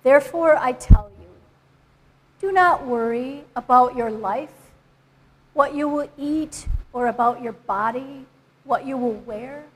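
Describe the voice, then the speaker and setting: High breathy woman reading Scripture slowly. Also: poor audio. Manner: slow and deliberate. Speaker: Scripture reader in church. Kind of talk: Bible reading.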